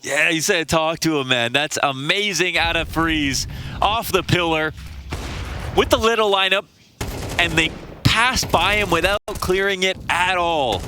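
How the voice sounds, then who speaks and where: A man giving live esports color commentary, animated and incredulous in his analysis. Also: fairly high pitch, measured pace, a little hiss or hum.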